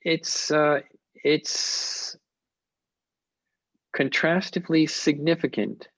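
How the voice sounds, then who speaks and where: A man speaking at a conference, answering questions in a measured, thoughtful way with frequent pauses and restarts. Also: a little high, steady tone, a bit bright, no room sound. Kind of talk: academic Q&A on an online call.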